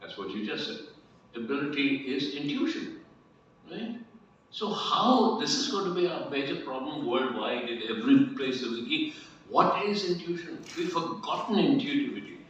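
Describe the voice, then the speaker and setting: A man's voice: fairly high pitch, lively intonation, normal speed, fairly bright tone, slight background noise. Man telling a story in an echoey hall. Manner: storytelling, mixing Hindi phrases. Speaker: panelist. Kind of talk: conference panel talk with anecdote. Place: large hall. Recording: echoey hall, distant dull mic.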